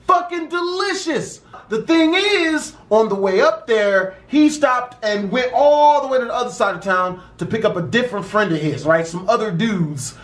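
A young man with a strikingly high voice tells a story with plenty of swearing and slang. His voice rings out in a room with a lot of echo. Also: normal speed, hardly any pauses. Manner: profane, animated street slang. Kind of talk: casual story time. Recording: roomy echo.

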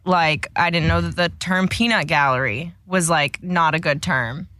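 A woman's voice: sits low, normal speed, sharp tone, dry recording. A woman co-hosting a podcast, rambling through stories and laughing often. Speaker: podcast co-host. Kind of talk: casual chat.

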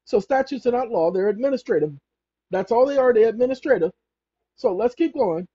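A mid-range, expressive, breathy-edged voice moves at a fairly quick clip through rambling legal commentary, reading passages aloud. The speaker is emphatic and repetitive, constantly correcting themselves mid-sentence. The recording is dull and lo-fi.

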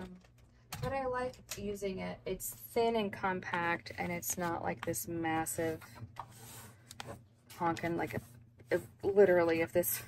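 A woman's voice: fairly low pitch, steady tone, a little slow, pauses often. A young woman chatting casually and rambling with lots of fillers as she unboxes planner supplies at her desk at home. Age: young adult. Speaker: planner vlogger. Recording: noisy background.

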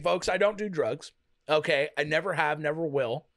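A talkative man with a high, light voice co-hosts a casual reaction chat. He talks quickly and gets worked up, tumbling from one point to the next. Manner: fast, chatty, excitable. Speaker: co-host.

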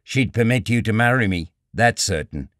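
A man's voice: on the low side, animated, fairly bright tone, no echo, clean studio sound. A man reading a bitter, coolly reasoning young writer. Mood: sharp. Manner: measured, cool, argumentative. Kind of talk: audiobook character reading.

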